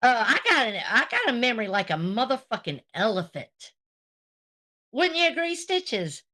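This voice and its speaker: This woman's voice is a little high, pushed and bright, with a sing-song lilt at a moderate pace. On her livestream she greets viewers in chat while confronting a rival with a sarcastic, profanity-laden rant.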